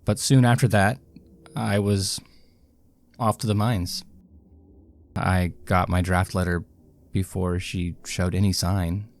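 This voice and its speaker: A man's voice: sits low, flat delivery, takes it slowly, long pauses. A man voicing a sombre, guilt-ridden young man who confesses hesitantly. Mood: heavy, sombre.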